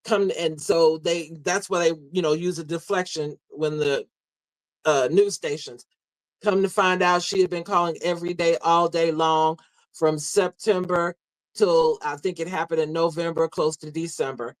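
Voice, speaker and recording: A man telling a story in a live audio discussion, halting and full of fillers. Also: a little high, steady tone, no echo, low-quality recording. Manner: halting, many fillers and restarts. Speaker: guest speaker.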